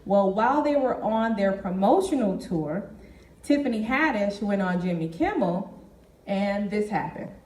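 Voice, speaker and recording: A woman's voice: mid-range voice, expressive, darkish tone, far from the mic. Woman giving a keynote in an echoey hall. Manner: measured, addresses the audience directly. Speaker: keynote speaker. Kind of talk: business presentation. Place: meeting hall.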